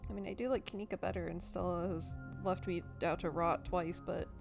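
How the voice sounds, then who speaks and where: A woman's voice: on the low side, fairly even intonation, brisk, gravelly, over music. A woman streaming a story game live, reading choices and making playful, giggly asides.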